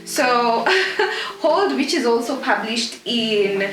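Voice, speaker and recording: A woman's voice: a little high, big pitch swings, takes it slowly, fairly bright tone. A woman co-hosting a casual book chat in a playful, chatty way. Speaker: podcast co-host. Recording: roomy sound from a distant mic, music behind.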